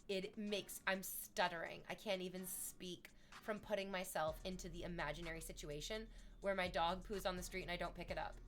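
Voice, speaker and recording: A young adult woman, chatting casually on a stream, rambling and self-deprecating with loud outbursts. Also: lowish voice.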